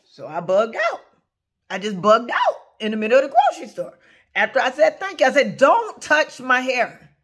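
A woman's voice: a little high, huge pitch swings, brisk, slightly rough. Emphatic woman ranting to camera. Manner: emphatic, scolding, storytelling. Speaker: vlogger. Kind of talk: direct-to-camera rant.

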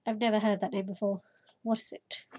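A woman doing a quiet, aloof bird boy. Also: brisk, lightly acted. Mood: aloof, curt. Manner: soft, low and flat.

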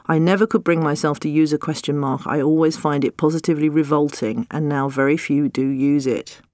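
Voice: mid-range voice, fairly even intonation, brisk, a little mellow, no echo. An audiobook narrator, reading a humorous nonfiction book in a wry, dry comic manner.

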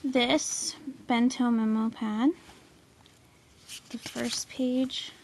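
A young woman filming a casual haul video, gushing excitedly with lots of "like" and "oh my god". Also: fairly high pitch, a little slow, a little hiss or hum. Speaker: vlogger showing a haul.

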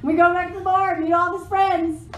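A woman's voice: very high-pitched, level tone, fast, fairly bright tone. A young woman telling a comedic personal story, laughing often and swearing freely, recorded in an echoey room from a distance. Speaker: storyteller guest. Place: live show room.

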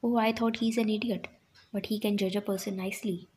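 A woman's voice: mid-range voice, fairly even intonation, a little fast, darkish tone, slight background noise, lightly acted. A woman voicing a teasing young female friend, mocking and playful, in a narrated fan story.

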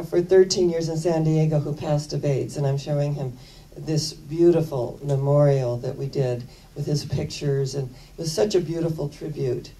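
A woman's voice: low voice, dark tone, far from the mic, poor audio. An older woman minister giving a sermon, telling personal stories in an earnest, conversational way and repeating phrases for emphasis.

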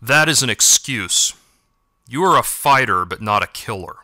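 A man's voice: mid-range voice, animated, normal speed, sharp tone, dry recording, studio quality. A man doing a cold old cat elder. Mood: stern. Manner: cold, harsh, commanding.

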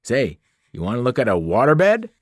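A man voicing a towering, smarmy reptilian salesman with a slow drawling pitch, reading a novel aloud. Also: huge pitch swings, breathy edge, dry recording, clean studio sound. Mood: grumbling.

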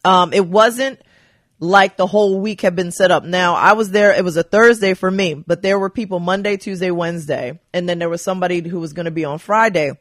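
A woman's voice: lowish voice, fairly quick, no echo, studio quality. A comedian from New Jersey chatting on a podcast. She tells a story with lots of energy and acts out other people's lines as she goes. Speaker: comedian guest.

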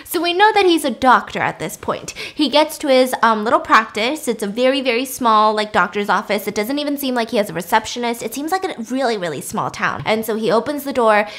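A young woman hosting a casual movie recap, chatty and animated, swearing freely and saying "like" a lot. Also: a little high, fairly quick, few pauses. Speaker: YouTuber host.

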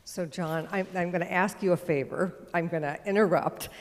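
A woman speaking as a board chair on a conference panel, measured and gracious, with frequent "um" and "uh". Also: on the low side. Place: large conference hall stage. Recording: long hall reverb.

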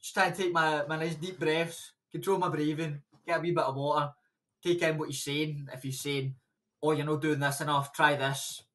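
A man's voice: a little high, level tone, moderate pace, fairly bright tone. A young Scottish man, a boxer, chatting loosely in an interview and rambling through stories with frequent laughs. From Scotland. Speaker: boxer, guest. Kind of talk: casual interview chat.

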